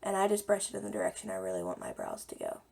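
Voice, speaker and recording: Slightly hoarse, gravelly-voiced young woman. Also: medium pitch, wildly swooping pitch, racing, a little mellow. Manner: chatty, talks while applying makeup. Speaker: beauty vlogger. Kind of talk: casual makeup tutorial.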